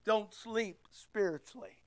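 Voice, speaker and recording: A man's voice: high voice, slow pace, a bit bright. A man preaching a sermon as pastor, emphatic and rhetorical, repeating his phrases.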